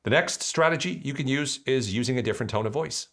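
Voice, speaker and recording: A man hosting a motivational podcast, talking in a playful, animated way and acting out voices. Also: medium pitch, quick pace. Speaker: podcast host.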